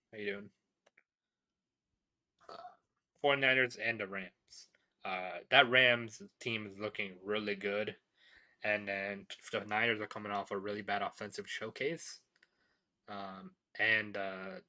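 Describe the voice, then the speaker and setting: A man hosts a relaxed sports podcast from home, rambling through recaps with frequent fillers and false starts. His voice sits a touch low in pitch yet has a bright, forward edge to it. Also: unhurried, long pauses. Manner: rambling, many fillers and restarts. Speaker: podcast host. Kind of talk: casual sports talk.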